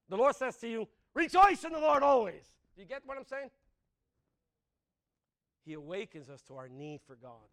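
Male pastor, high and very expressive pitch; conversational sermon, quick laughs, asks the room questions. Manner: conversational, rhetorical questions, laughs at own jokes. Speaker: preacher.

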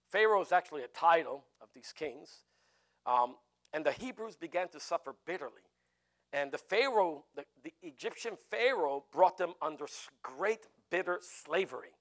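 A man preaching a sermon in an animated way, with jokey asides. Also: fairly high pitch.

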